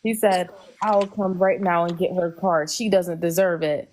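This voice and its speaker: Lower-voiced woman in casual chat. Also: fairly even intonation, measured pace, darkish tone. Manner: chatty, laughing storyteller.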